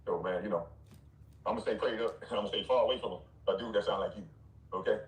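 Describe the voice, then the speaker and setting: A man's voice: on the low side, quick pace, distant mic. A man ranting in a blunt, mocking, dismissive way, with scornful laughs. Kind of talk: ranting commentary. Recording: roomy, off-mic.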